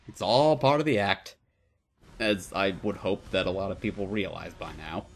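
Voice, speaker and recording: A man's voice: low voice, moderate pace. A young man answering viewer questions at home in a casual, playful, wry way. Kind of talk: casual Q&A monologue.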